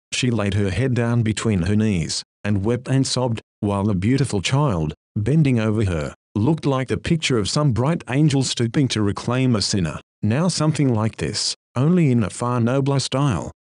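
An earnest male preacher delivering a sermon at a middling pitch, urging his hearers with question after question. His voice sounds dry and close, with no room around it. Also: animated, normal speed, few pauses, a little mellow, no room sound. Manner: earnest, many rhetorical questions.

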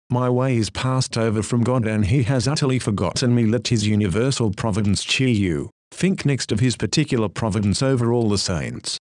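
A man preaching a sermon in a solemn, slow and pleading manner, exhorting his congregation. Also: medium pitch, a little mellow, no room sound, studio quality.

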